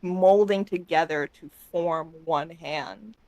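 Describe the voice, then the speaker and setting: A woman's voice: deep voice, slow, dark tone, dry recording. Dry-voiced woman running a tabletop game. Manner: descriptive, hesitant with fillers. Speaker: game master.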